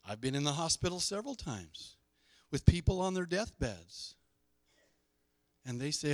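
A man's voice: on the high side, big pitch swings, unhurried, pauses often, a little mellow, no room sound, studio quality. A middle-aged male pastor preaching a sermon, emphatic and leading the congregation in call-and-response.

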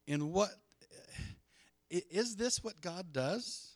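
Male pastor, middle-aged, emphatic sermon delivery, slightly high voice, dry sound. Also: expressive, takes it slowly, dry recording. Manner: emphatic, call-and-response with congregation.

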